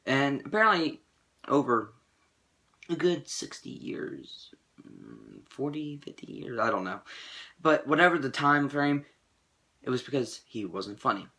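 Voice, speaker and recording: A young man giving a casual, rambling movie review on his channel, with profane, excitable rants. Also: medium pitch, unhurried, pauses often.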